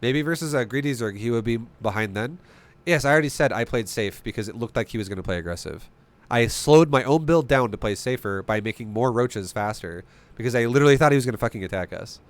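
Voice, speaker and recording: Profane, animated male game streamer. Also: medium pitch, quick pace. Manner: animated, profane, rhetorical questions. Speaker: streamer coaching a strategy game. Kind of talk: live-stream commentary.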